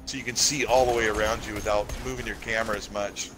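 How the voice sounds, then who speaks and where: A man's voice: fairly low pitch, fairly even intonation, fast talker. A male guest on a gaming talk show, chatting casually and explaining game tech with enthusiasm. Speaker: guest commentator. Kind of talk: casual chat. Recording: hissy stream audio.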